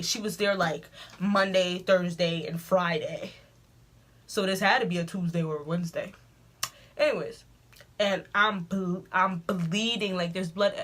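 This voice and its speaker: A woman recounting a story for her vlog with lively, dramatic emphasis and frequent offhand asides. She talks into a camera mic at home, casual and expressive. Her pitch sits in a typical middle range for a woman. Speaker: vlogger.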